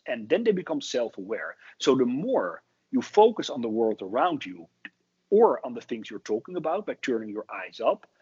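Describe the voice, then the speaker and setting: Husky, lively male speaking coach. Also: medium pitch. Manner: animated, demonstrates fast talk with pauses. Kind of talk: interview answers, explanatory. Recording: dull lo-fi audio.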